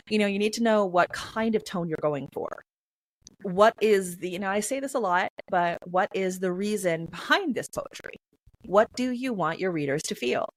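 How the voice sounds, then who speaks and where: A woman guest in an interview, explaining in a chatty, animated way with many filler phrases. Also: medium pitch, normal speed, no room sound, poor audio. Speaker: poetry reader and performer, interview guest.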